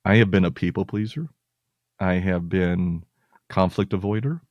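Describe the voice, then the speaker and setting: A man's voice: sits low, normal speed, darkish tone, dry recording, highs cut off. A male podcast host talking earnestly and reassuringly to his listeners, at times getting emotional. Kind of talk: heartfelt personal talk to listeners.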